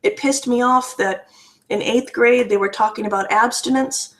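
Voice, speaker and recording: A woman's voice: on the high side, fairly even intonation, normal speed, a bit bright. A woman giving candid personal testimony in a vlog, earnest and raw, often restarting and repeating her words. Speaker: vlogger sharing a personal story.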